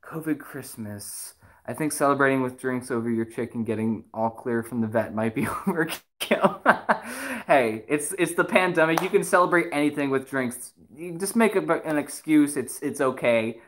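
Excitable, giggly stream host with a mid-range voice, rambling chat between songs. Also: medium pitch, moderate pace. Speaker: livestream host and musician. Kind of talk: casual livestream chat.

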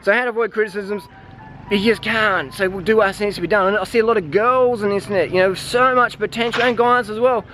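Guy with a high voice ranting outside, swearing nonstop, preachy and blunt. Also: fairly even intonation, fast talker, bright, forceful tone, soft background music. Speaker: vlogger. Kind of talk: ranting vlog monologue.

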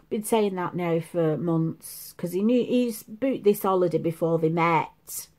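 A woman's voice: fairly low pitch, normal speed, hardly any pauses, darkish tone. A woman in her fifties chatting at home in a make-up vlog, rambling and confiding. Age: 50s. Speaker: make-up vlogger. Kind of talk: casual chat. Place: at home, seated.

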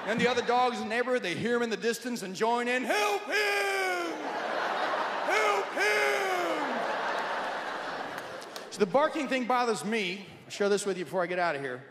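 Animated stand-up comedian man, echoey hall. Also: high voice, fast talker, few pauses, over a noisy crowd, very noisy. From Nebraska, USA. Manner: animated, jokey storytelling. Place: large venue with audience. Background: loud audience laughter.

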